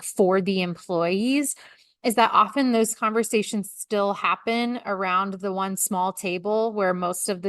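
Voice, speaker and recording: A woman's voice: medium pitch, fairly bright tone, dry recording, clean studio sound. A woman co-hosting a consulting podcast, chatting casually with colleagues, often laughing and filling with "like".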